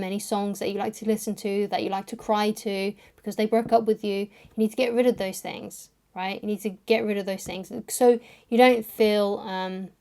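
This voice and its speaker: Mellow-voiced woman giving coaching advice. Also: medium pitch. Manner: conversational, keeps asking "right?". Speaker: life coach. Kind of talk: direct-to-camera advice talk.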